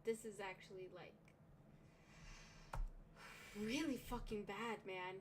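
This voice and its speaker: A woman's voice: medium pitch, slow, noisy background. A young woman hosting a livestream reaction, talking emotionally and swearing often, with sighs. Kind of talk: casual reaction commentary.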